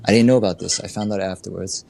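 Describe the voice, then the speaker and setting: A man's voice: low-pitched, steady tone, fast talker, creaky, a little mellow, slight background noise. A middle-aged man, a life coach, telling candid stories in an interview, acting out the people he quotes and saying "you know" often. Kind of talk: candid conversational storytelling.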